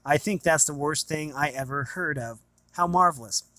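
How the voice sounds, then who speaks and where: Nasty villain count, sneering swordsman, guy reading it, kinda high. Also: normal speed, sharp tone, dry recording. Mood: mocking. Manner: mocking, later pleading.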